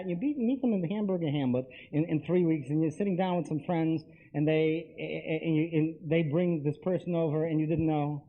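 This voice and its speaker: A man giving a live lecture to an audience, talking emphatically and straight to them with repeated phrases. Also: high voice. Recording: tinny lo-fi lecture recording.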